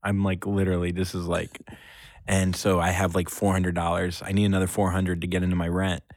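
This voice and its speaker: A man's voice: deep voice, monotone, brisk, no echo, clean studio sound. A man co-hosting a podcast, casually telling a long story and laughing often as he rambles. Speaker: podcast co-host.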